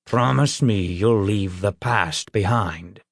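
A man's voice: slow, gravelly, dry recording, clean studio sound, exaggerated voice. A man voicing a grave old troll. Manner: grave, lowered voice. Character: stern old male troll guardian.

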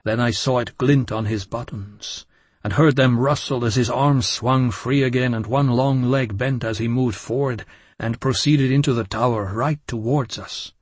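A man giving a measured, intense first-person audiobook narration of a dark story. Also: mid-range voice, fairly even intonation, slightly rough, dry recording.

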